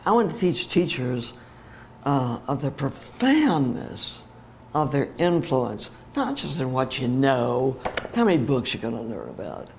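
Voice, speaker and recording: An older woman, a teacher educator, telling a heartfelt personal story in an animated way, with fillers and laughter. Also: rumbling low, unhurried, gravelly, slight background noise.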